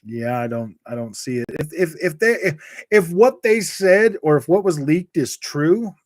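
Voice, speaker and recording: A laid-back young man talks through a live gaming stream, rambling from one point to the next and chuckling as he answers viewers. His voice sits a little high for a man, and the sound is dry and close with no room around it. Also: animated, normal speed, a little mellow, no room sound. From Utah. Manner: rambling, laughs often, says dude and bro a lot. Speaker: gaming channel host reading live chat. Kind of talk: casual livestream chat.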